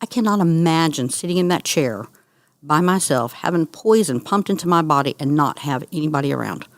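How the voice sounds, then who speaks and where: A middle-aged woman, a guest on an interview, telling her story in an earnest, animated way. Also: low voice, brisk, no room sound, clean studio sound. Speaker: guest, cancer survivor. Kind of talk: conversational interview.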